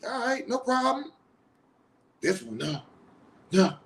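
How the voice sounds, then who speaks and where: A middle-aged man in an emotional confessional monologue, blunt and full of swearing, swinging from loud outbursts to low muttering. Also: sing-song, slow. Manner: profane, heated and blunt. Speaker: host.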